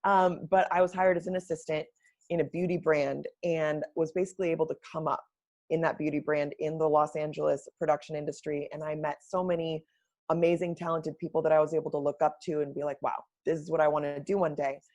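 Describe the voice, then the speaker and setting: A woman who works as a brand strategist, answering interview questions in a measured, explanatory way. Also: low voice, level tone, darkish tone. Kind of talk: casual live-stream interview.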